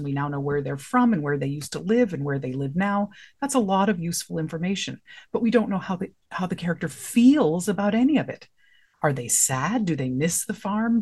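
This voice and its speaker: A writing teacher gives a casual, unscripted spoken lesson in a middle-pitched, darkish voice. Conversational throughout, the talk moves from one example line to the next and poses questions along the way.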